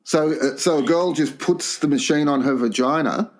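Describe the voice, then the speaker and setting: A man with a somewhat high voice co-hosting a crude comedy podcast. He pushes each joke further with blunt, vulgar bits and casual swearing. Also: normal speed. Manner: deadpan crude jokes, swears often. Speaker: podcast co-host.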